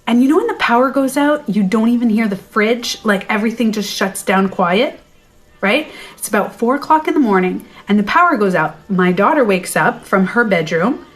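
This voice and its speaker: Speaking at a normal pace in a voice on the high side, this woman is a beauty and life coach telling a personal story over a livestream through a phone mic. Her delivery is animated and talkative, straightforward and sometimes profane.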